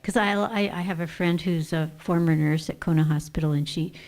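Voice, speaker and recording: A woman's voice: lowish voice, fairly even intonation, fairly quick, darkish tone. A woman politely checking a detail with a speaker at a gathering. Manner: polite, clarifying.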